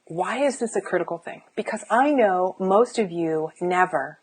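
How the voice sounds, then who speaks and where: A woman's voice: lowish voice, animated, moderate pace, husky. A middle-aged woman, a life coach, sitting indoors and giving an emphatic, chatty live-streamed motivational talk with sighs and restarts.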